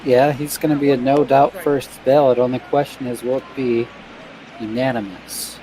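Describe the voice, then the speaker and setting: A man from Michigan giving easygoing color commentary on a baseball game, analytical and relaxed. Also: mid-range voice, moderate pace, low-quality recording. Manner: easygoing, analytical, lists player names. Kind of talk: casual sports commentary. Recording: clear background noise.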